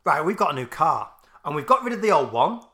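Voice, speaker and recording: A man's voice: a little high, sing-song, quick pace. A man co-hosting a comedy podcast, crude and mock-serious, swearing and going off on tangents. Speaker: podcast co-host.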